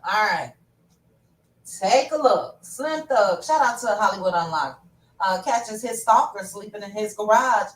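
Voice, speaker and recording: A woman's voice: mid-range voice, lively intonation, measured pace, echoey room, recorded from a distance, poor audio. A woman hosting a casual livestream, chatting directly with her viewers about pop culture news. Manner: chatty, talks straight to viewers. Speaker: host.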